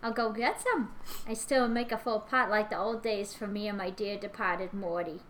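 A woman's voice: mid-range voice, steady tone, moderate pace, a bit bright, slight background noise, natural voice, poor audio. A woman voicing Georgina, a sweet and lonely older woman who fusses over her guests. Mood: fussing.

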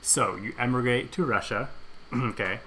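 Bright-voiced man pitching silly ideas earnestly. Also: normal speed, slight background noise. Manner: earnest, pitching absurd ideas with a straight face. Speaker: podcast co-host. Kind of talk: comedic banter.

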